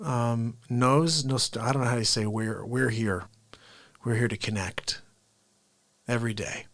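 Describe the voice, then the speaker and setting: A man hosting a live stream, chatting upbeat and greeting viewers by name, sometimes dropping to soft, low asides. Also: steady tone, unhurried, no room sound. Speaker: livestream host. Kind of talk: casual live-stream chat.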